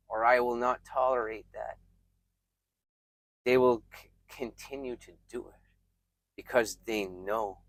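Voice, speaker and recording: A man talks through relationship advice in an earnest, reflective self-help style. His pitch sits in an ordinary middle range, and he leans on words for emphasis with frequent pauses. The recording is dry, with no room sound. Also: no echo. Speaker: self-help video creator.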